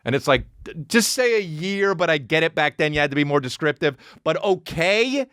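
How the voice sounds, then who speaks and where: Animated, swearing man ranting on a podcast. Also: a little fast, clean tone, no room sound, clean studio sound. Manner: animated, swearing storyteller who swings between shouted highs and low mutters. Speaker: podcast host. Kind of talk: solo comedic podcast rant.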